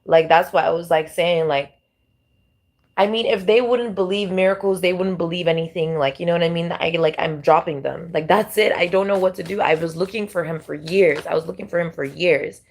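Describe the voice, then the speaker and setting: A woman's voice: lowish voice, brisk, vocal fry, darkish tone. A woman doing a tarot reading who rambles in a casual, repetitive way and leans heavily on fillers. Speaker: tarot reader.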